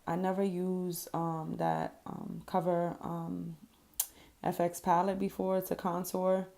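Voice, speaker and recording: A woman's voice: on the low side, animated, slow, gravelly, warm tone. A woman talking casually through her makeup routine as a vlogger, candid and swearing freely with lots of ums. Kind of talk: casual makeup tutorial voice-over.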